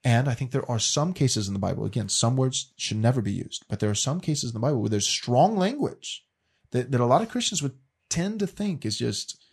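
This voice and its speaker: Husky male teacher, casual, earnest, restarts often. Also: medium pitch, animated, brisk. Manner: earnest, repeats words as he restarts.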